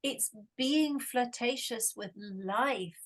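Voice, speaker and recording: A middle-aged Scottish woman talks as a guest in a relaxed conversation. She has a fairly high voice and is a chatty storyteller who laughs easily. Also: slow. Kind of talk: casual conversation.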